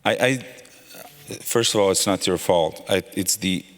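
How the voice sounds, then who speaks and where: Man, panelist, casual, animated, low voice, long hall reverb. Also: unhurried. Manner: animated, casual, filler-heavy. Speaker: panelist, company founder. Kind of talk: conference panel talk. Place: conference hall.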